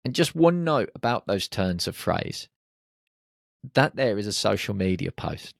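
A podcast host with a gravelly, low-leaning voice, big pitch swings and a measured pace gives a motivational monologue, talking listeners through confidence in an upbeat, encouraging way with jokey asides. The recording is studio quality with no echo.

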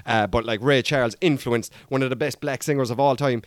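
A man's voice: mid-range voice, fairly even intonation, a little fast, hardly any pauses, no room sound, studio quality. An Irish man hosting a podcast in a rambling, self-mocking comic monologue full of chatty asides. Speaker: podcast host.

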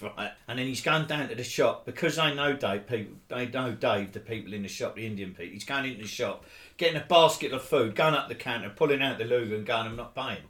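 A man, co-hosting and telling a rambling story in casual chat, laughing and bursting into loud bits. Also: medium pitch, slight background noise. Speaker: co-host, storyteller. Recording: echoey room.

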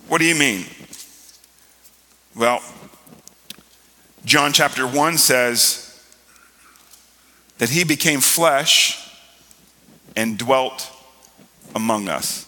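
A man preaching a sermon as pastor, building to loud emphatic passages. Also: medium pitch, very slow, long pauses. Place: church sanctuary. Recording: reverberant church hall.

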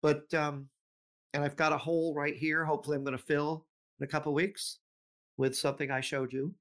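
Fairly high in pitch, a bit bright and level in tone, this middle-aged podcast co-host talks a little fast. His casual chatter meanders, packed with fillers and restarts, and he laughs frequently.

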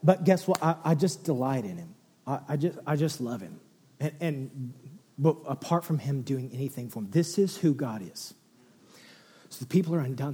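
In a sermon built around a personal story, a thirtysomething pastor alternates hushed, low moments with animated, nearly shouted ones. He keeps a moderate pace, his voice slightly rough, with long hall reverb on the recording.

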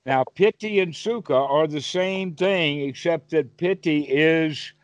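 A man's voice: on the high side, slow pace, no echo. A man teaching meditation over a call, asking his listener questions and giving vivid everyday examples. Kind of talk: Dhamma talk on a call.

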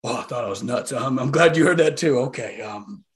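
A man's voice: mid-range voice, lively intonation, fairly quick, close to an everyday voice. A man voicing his player character, a hesitant male craftsman, in a tabletop game. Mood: relieved. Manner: casual, hesitant.

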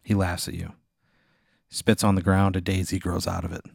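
A man's voice: low voice, moderate pace, creaky, dry recording, clean studio sound. Man narrating an improvised story. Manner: deadpan, vivid narration. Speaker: game master.

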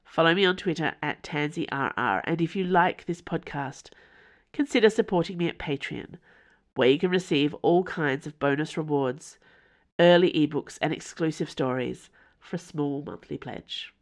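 A woman's voice: deep voice, normal speed. A woman author from Tasmania, reading her fiction aloud as podcast narrator. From Tasmania, Australia.

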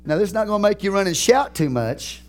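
A man preaches a sermon with fervor, his pitch leaping and falling in lively swings. He moves between shouted peaks and slowed, drawn-out phrasing. Faint music plays softly behind him in the church. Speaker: pastor.

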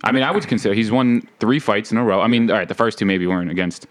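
A man's voice: fairly low pitch, rapid-fire. A man co-hosting a podcast in casual chat, hesitant and repeating words. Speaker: podcast co-host.

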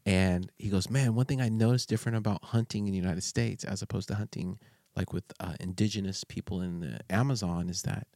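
A man's voice: low voice, steady tone, a little fast, dark tone, no echo, studio quality. A man hosting a podcast interview, telling rambling stories with many fillers and frequent laughs. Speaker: podcast host. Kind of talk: casual conversational interview.

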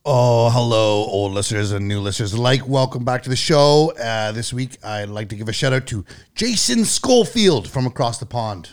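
A man's voice: mid-range voice, animated, moderate pace, hardly any pauses. Easygoing, laughing male co-host. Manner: easygoing, laughing often, trailing off quietly. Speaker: podcast co-host. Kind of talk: casual podcast chat.

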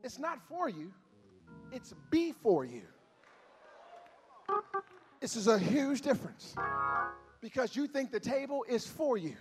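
A man preaching a sermon in a church, chanting lines in a sing-song way, rising to shouts and falling to soft murmurs as he leads the congregation. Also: very high voice, big pitch swings, slow, pauses often, music in the background. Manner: sing-song call-and-response preaching, swells to shouts then drops to near murmurs.

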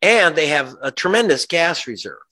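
A man's voice: on the high side, sing-song, normal speed, bright, forceful tone. A male journalist, a guest in an interview, giving passionate political commentary, sarcastic, with frequent restarts. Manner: impassioned, sarcastic, many restarts.

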